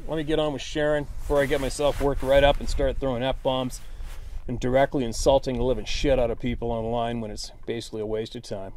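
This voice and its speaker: A man's voice: medium pitch, steady tone, fast, a little mellow, no room sound. A man hosting his own channel, talking straight to viewers in a blunt, frustrated way, with some swearing. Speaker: channel host. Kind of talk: casual monologue to viewers.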